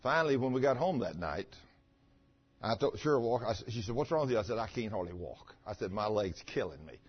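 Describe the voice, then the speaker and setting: An older man preaching a sermon in a folksy, animated way, telling a personal story and laughing along the way. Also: on the low side, quick pace, slightly rough. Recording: dull lo-fi sound.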